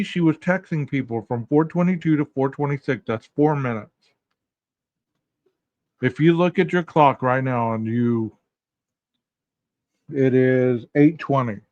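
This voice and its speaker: A man's voice: mid-range voice, a little mellow, dry recording, dull audio. A man hosting a casual commentary podcast, asking his listeners rhetorical questions directly. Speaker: podcast host.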